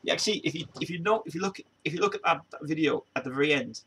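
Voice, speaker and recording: A man hosts a loose, casual chat, rambling from thought to thought with frequent restarts and bursts of laughter. His voice sits a little high and carries a gravelly edge. A faint hiss of noise runs behind him. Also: expressive, rapid-fire, pushed and bright. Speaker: show host.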